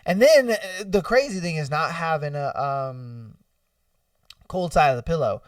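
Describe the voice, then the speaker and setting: A man's voice: fairly high pitch, animated, unhurried, dry recording, studio quality, distant mic. A man hosting a podcast, chatting casually and profanely, laughing often and acting out silly scenarios. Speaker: podcast host. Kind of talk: casual solo commentary reading listener ideas.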